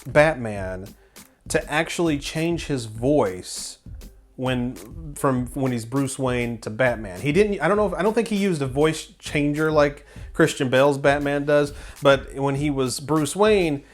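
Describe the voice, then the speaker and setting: A man's voice: mid-range voice, measured pace, soft background music. A man hosting a film review show, talking in a casual, rambling, opinionated way with many restarts. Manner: enthusiastic, opinionated.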